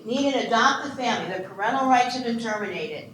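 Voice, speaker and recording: A woman in her sixties from Ohio giving an animated, humorous keynote talk on adoption and quizzing her audience. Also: a little high, fairly quick. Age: 60s. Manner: animated, chatty, self-deprecating humor. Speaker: conference speaker on foster care and adoption. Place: conference hall. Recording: echoey room with faint noise.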